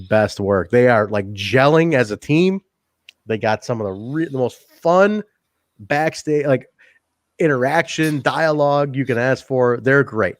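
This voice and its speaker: A man co-hosting a laid-back wrestling podcast, talking in a joking, animated way and laughing often. His voice sits in a middle register and sounds dry and close. He swears casually as he talks. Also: mid-range voice, dry recording. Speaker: podcast co-host. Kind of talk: casual wrestling review chat.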